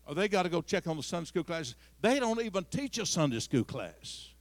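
A man preaching from the pulpit, his voice sitting high for a man. He drifts between soft, conversational storytelling and loud, climbing declarations. The sound is dry and close. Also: big pitch swings, a little fast, dry recording. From Missouri. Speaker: pastor. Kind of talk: sermon.

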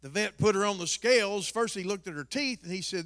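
A man's voice: high voice, a little fast, fairly bright tone, in a large hall. A man preaching, telling a folksy story that builds to an emphatic point. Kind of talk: sermon illustration, storytelling.

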